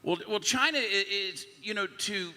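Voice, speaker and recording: Bright-voiced rambling man on a panel. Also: high voice, lively intonation, normal speed, in a large hall. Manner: rambling, restarting sentences, extended analogies. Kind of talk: live panel discussion.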